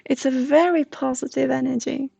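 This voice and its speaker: A high-pitched woman gives a livestream psychic reading in a soft, half-whispered way. Her voice has a husky, gravelly grain, and she talks slowly, with faint music under her. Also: steady tone, no room sound, muffled recording. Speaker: intuitive reader.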